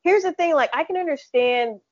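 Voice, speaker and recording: A woman's voice: sits high, a little fast, a little mellow, no room sound. A woman co-hosting a podcast in casual chat, rambling and often restarting her sentences. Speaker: podcast co-host. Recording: dull, dry, lo-fi podcast audio.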